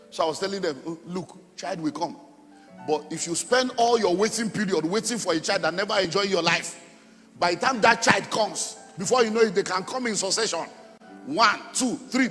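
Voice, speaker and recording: Pastor man, middle-aged, emphatic sermon with loud bursts, faint music behind. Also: sits high. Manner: emphatic, repetitive preaching with sudden loud outbursts. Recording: long hall reverb with faint music.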